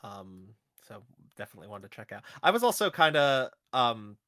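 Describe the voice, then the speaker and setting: A man co-hosting a gaming podcast in casual chat, chatty and quick to laugh, often restarting his phrases. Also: mid-range voice, very animated, bright, forceful tone, no echo, studio quality. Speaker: podcast co-host.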